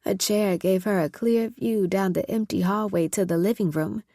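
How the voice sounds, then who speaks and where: A woman narrating a story in a measured, scripted audiobook reading. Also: medium pitch, dark tone, no echo, studio quality.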